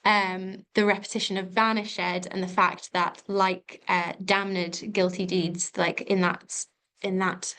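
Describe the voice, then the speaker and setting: A young woman tutoring exam revision off the cuff, pausing often with ums and restarting her sentences. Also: mid-range voice, fairly bright tone. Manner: hesitant, many ums and restarts. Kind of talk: unscripted exam revision lesson.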